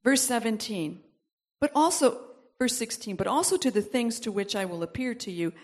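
High-voiced woman preaching a sermon. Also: expressive, normal speed. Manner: exhorting, rising to emphatic repeated commands; reads verses aloud, breaks off with asides and laughs. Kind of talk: sermon reading and expounding scripture.

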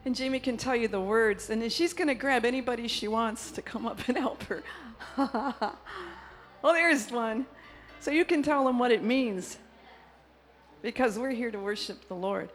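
A middle-aged woman preaching a charismatic sermon, breaking into laughter and shouts of praise between calmer stories. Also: on the high side, normal speed, soft background music.

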